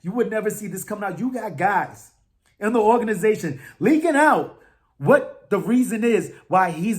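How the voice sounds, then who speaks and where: A man hosting a fan podcast, talking football in a casual, animated, trash-talking way, full of slang and fillers. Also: high-pitched.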